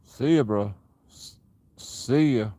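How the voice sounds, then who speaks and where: Swearing, taunting man on a dark path. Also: mid-range voice, takes it slowly, dry recording. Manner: angry, profane, taunting. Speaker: street auditor filming himself. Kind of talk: confrontational vlog rant. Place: outdoors on a dark path at night.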